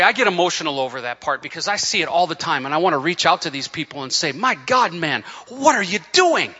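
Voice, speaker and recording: A man preaching an impassioned sermon, often stumbling and restarting as he builds to near-shouting. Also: sits high, big-room sound, lo-fi sound. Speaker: pastor.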